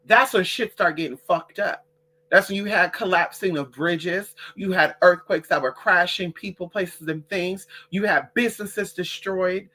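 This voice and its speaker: A woman's voice: mid-range voice, moderate pace, fairly bright tone. A woman hosting a casual livestream, talking bluntly and with plenty of profanity while reading out and answering her viewers' comments. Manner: reads out and answers chat comments. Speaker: livestream host.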